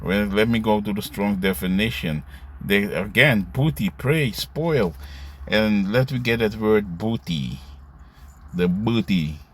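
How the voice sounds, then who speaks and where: A man's voice: lowish voice, takes it slowly, breathy edge. A man giving casual scripture commentary, reading verses aloud and tagging lines with "you see" and "man". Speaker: religious commentator.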